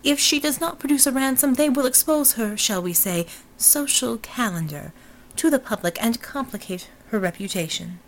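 A woman's voice: a little high, animated, moderate pace, slight background noise, pitched above the performer's own voice, rough recording. A woman voicing a theatrical male pulp hero, speaking in a florid, courtly, old-fashioned manner. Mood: grandiose.

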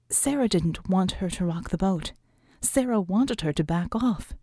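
A woman narrating a novel with measured, often hushed storytelling. Her voice is mellow and breathy, recorded dry and close with no room sound. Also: mid-range voice, animated, no room sound. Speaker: audiobook narrator. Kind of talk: scripted narration.

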